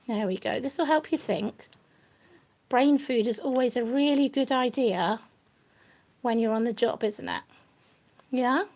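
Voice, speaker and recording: A woman's voice: on the high side, unhurried, long pauses, darkish tone. A woman talking to her pet rabbit in a playful, coaxing, sing-song way. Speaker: pet rabbit owner hosting a live stream. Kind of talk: doting talk to a pet rabbit.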